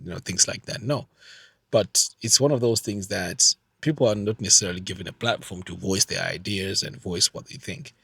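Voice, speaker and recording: A man's voice: on the low side, sharp tone, breathy edge, no room sound. A middle-aged man from Zimbabwe giving an earnest, emphatic vlog monologue, often repeating his points. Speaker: vlogger. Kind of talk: earnest direct-to-camera monologue.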